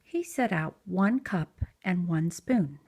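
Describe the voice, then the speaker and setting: Slow, expressive woman reading a storybook. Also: on the low side, slightly rough. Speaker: children's story reader. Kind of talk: read-aloud storytelling for preschoolers.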